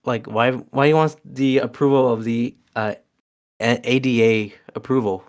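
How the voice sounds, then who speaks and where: A man chatting on a podcast and walking through a movie's scenes. He pauses, restarts and fills gaps as he goes, in a relaxed, unhurried way. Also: mid-range voice. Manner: halting, many fillers and restarts. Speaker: podcast co-host. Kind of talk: casual chat.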